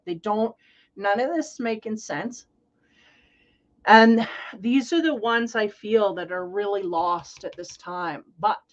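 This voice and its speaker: Woman tarot reader, mid-pitched, chatty and meandering, muffled lo-fi sound. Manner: rambling, conversational, playful. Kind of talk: casual spiritual reading.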